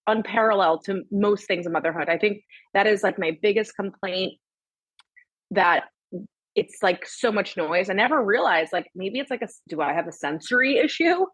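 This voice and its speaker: Woman, thirties, husky voice, dry close sound, blunt, swears, animated guest. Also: mid-range voice, normal speed, dry recording, poor audio. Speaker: podcast guest. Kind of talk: casual podcast chat.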